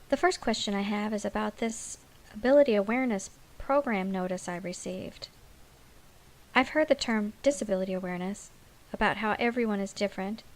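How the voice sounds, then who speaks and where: A woman parent asks her questions politely and with curiosity, as in a scripted dialogue. Her voice has a middle pitch and an ordinary tone. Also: rough recording. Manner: inquisitive, polite.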